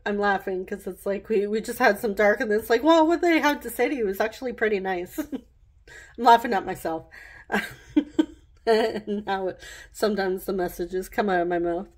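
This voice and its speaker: A woman's voice: medium pitch, a little fast. A woman talks through a pick-a-card tarot reading in a casual, rambling way. She laughs at her own slips and keeps the tone chatty as she goes from card to card.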